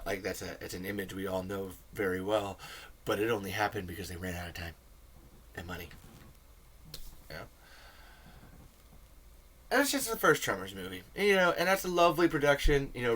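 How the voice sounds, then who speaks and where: A man's voice: fairly low pitch, a bit bright, a little hiss or hum. A man hosting a casual film commentary, talking in a rambling, enthusiastic way full of fillers. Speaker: film commentary video host.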